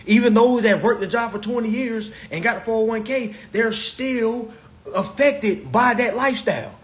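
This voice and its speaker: Preachy profane man with lively high voice. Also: moderate pace. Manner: preachy, repeats phrases for emphasis; blunt and profane. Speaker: live-stream speaker. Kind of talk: profane live-stream lecture.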